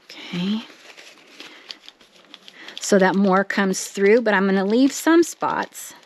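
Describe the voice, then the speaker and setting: A woman's voice: mid-range voice, takes it slowly, a little hiss or hum. Chatty woman narrating her crafting. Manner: chatty, self-talking, excitable bursts. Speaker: craft vlogger.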